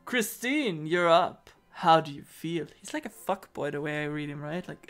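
A woman's voice: low-pitched, lively intonation, moderate pace, few pauses, soft background music. A woman who is not a native English speaker, giving giggly, joking commentary while playing a story game. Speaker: game streamer.

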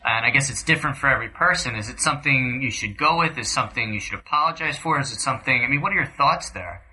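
A man with a very bright, somewhat breathy voice hosts a podcast interview. He asks his questions hesitantly and often pauses with ums. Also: mid-range voice, poor audio. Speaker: podcast host.

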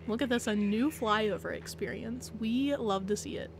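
A woman's voice: a little high, moderate pace, creaky, background noise. A young woman streaming a video game, gushing and squealing with delight, with faint game music behind. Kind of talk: live gameplay stream chat.

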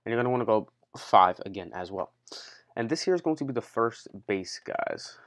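A man's voice: medium pitch, expressive, a little fast. A man hosting a casual game-building tutorial, chatty and unscripted, talking straight to his viewers and counting steps aloud. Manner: chatty, keeps addressing viewers as guys, counts blocks aloud; loose and unscripted, changes plans mid-sentence. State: out of breath after a workout. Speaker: Minecraft tutorial host. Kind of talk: casual gaming tutorial narration.

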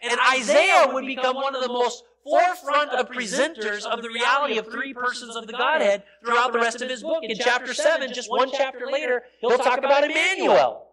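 High-pitched man preaching emphatically. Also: a little fast, few pauses. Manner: emphatic preaching, rising to near-shouts on key points; explanatory teaching with repeated phrases and fillers. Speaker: pastor. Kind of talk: sermon. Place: church sanctuary. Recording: noisy sanctuary recording with crowd sound, poor audio.

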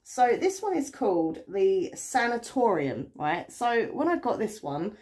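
With a medium-pitched, sing-song, darkish voice, this English book vlogger rambles excitedly about her new books in a casual chat to camera. She speaks unhurriedly but barely pauses, leaning on lots of fillers.

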